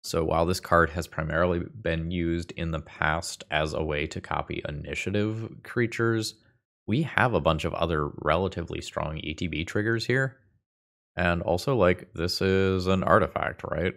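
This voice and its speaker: Young guy talking thru his card game, stuffy congested voice, real low and gravelly. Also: normal speed, a bit bright. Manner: thinking aloud, dry self-aware quips. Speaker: Magic gameplay video host. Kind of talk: casual gameplay commentary.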